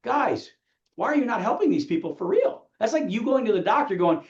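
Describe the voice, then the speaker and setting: In a motivational training talk for real estate agents, a man with a high-pitched, very animated voice fires rapid rhetorical questions at the audience and acts out clients. The room sounds echoey and dull.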